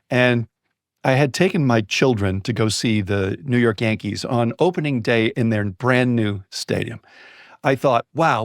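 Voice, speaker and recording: A middle-aged man telling a personal anecdote as a guest on a podcast interview, building excitement as he goes. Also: medium pitch, dry recording, clean studio sound. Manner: lively storyteller, building excitement. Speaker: guest speaker on storytelling.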